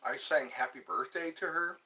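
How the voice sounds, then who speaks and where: A man hosting a casual livestream, chatting slowly and rambling while greeting viewers and answering comments as he eats. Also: on the high side, sharp tone. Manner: slow, rambling, chatty, restarts words, eating while talking. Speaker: livestream host. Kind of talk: casual live chat reading comments.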